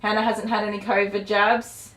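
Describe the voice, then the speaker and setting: A woman's voice: medium pitch, little pitch movement, normal speed, fairly bright tone, distant mic, slight background noise. A middle-aged woman, hosting a casual live stream as a dog groomer, rambling and chatty with many ums and laughs. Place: grooming salon. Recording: roomy, from off the mic.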